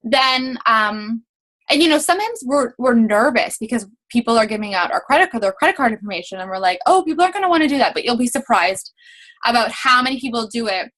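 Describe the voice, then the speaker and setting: Young woman team leader, casual coaching talk; bright and a bit high, chatty, acts out example messages. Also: expressive, a little fast. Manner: chatty, many fillers, acts out quoted messages.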